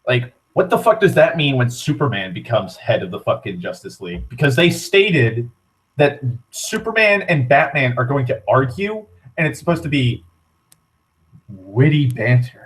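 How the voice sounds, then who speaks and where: A man's voice: medium pitch, very animated, normal speed, fairly bright tone. A young man giving a rambling casual rant, swearing often, leaning on "like" and restarting his sentences. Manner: rambling, profane, heavy on "like", frequent restarts. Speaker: vlogger.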